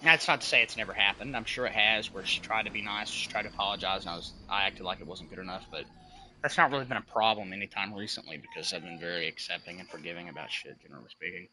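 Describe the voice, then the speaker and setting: A man's voice: low-pitched, fast, sharp tone, a little hiss or hum. A young man streaming a game and chatting casually, telling a long story in an emphatic, profane way. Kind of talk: casual rambling chat.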